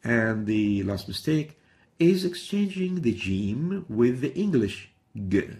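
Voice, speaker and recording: A man's voice: medium pitch, big pitch swings, slow, a little mellow. A middle-aged man teaching Quran recitation in a methodical lesson, repeating example words to demonstrate each sound. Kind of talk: instructional lesson.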